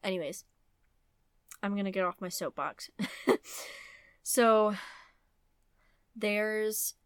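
Young woman, book vlogger, casual rant, animated, lots of fillers, dry close sound. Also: medium pitch, takes it slowly, clean tone, no echo. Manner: animated, ranting, many fillers. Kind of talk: casual opinionated book talk.

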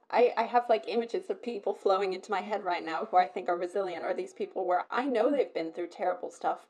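A British woman with a mid-range, slightly mellow voice is having a casual chat. She's chatty and rambling, going on at length and laughing often.

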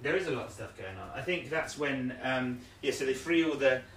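Young male podcast co-host, casual recap, animated, slips into character voices. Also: medium pitch, fairly quick, slight background noise.

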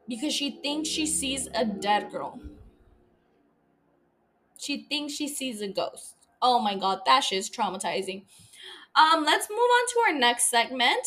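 A young woman with a high, slightly bright voice hosts a podcast, casually recapping a TV show. She rambles, laughs a lot and swears freely.

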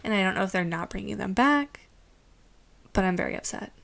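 A young woman co-hosting a podcast, chatting casually and spinning stories with sarcasm and plenty of swearing. Her voice is mid-pitched with a gravelly, creaky edge. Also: lively intonation, fairly quick, a bit bright. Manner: profane, sarcastic storytelling. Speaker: podcast co-host.

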